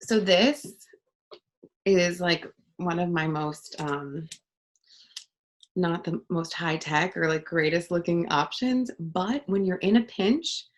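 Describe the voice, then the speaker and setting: A young woman talks in a relaxed, chatty way, full of fillers and quick asides. Her voice sits low for a woman. She is recorded on a home studio mic. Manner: chatty, upbeat, many fillers. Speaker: voice actor guest. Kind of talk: casual interview chat.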